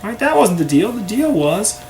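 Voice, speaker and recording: A man's voice: sits high, normal speed, faint music behind, rough recording. A man teaching a conversational Torah class who keeps checking in with his listeners by asking "right?". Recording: steady background noise.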